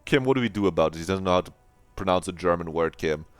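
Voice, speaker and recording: A man's voice: sits low, expressive, fast, dry recording, soft background music. Playful, rambling male game streamer. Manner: playful, rambling, swearing, mock-dramatic. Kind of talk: casual live-stream commentary.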